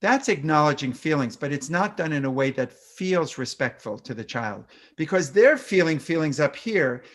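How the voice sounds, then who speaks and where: A man's voice: a little high, animated, moderate pace, hardly any pauses, a bit bright. A man, a doctor who advises parents, talking through parenting techniques in a fireside chat and sometimes acting out how to speak to an upset child. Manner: explanatory, acts out parent-child phrases; frequent fillers and restarts.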